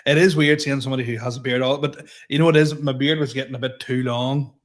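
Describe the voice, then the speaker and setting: A man in his thirties, co-hosting a comedy podcast with a relaxed, laughing, trailing manner. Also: mid-range voice, quick pace. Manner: laid-back, laughs often, trails off. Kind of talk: casual comedic chat.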